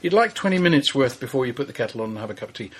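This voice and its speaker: Fast-talking husky man. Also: mid-range voice, big pitch swings. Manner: opinionated, rapid explainer. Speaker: music magazine writer. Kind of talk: casual discussion.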